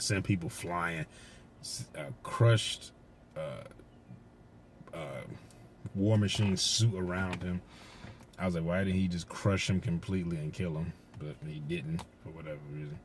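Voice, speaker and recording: A man with a very low voice tells a movie's story in a loose, rambling way. He swears freely and gets worked up as he retells the big moments. A faint background hum sits under his voice. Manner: rambling, profane, excitable retelling. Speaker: movie reviewer. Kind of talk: casual spoiler recap.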